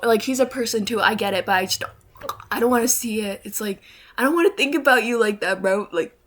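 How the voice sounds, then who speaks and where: A woman's voice: fairly high pitch, quick pace, a bit bright. A young woman vlogging a rambling storytime, full of "like" and "bro" and frequent swearing. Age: young adult. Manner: rambling, swears often, says "like" and "bro" a lot.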